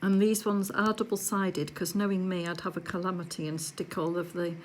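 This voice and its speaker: A woman chatting casually while she does a craft project at home, rambling along with little hushed asides. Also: fairly low pitch, little pitch movement, a little fast. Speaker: crafting vlogger. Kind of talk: casual chat while diamond painting.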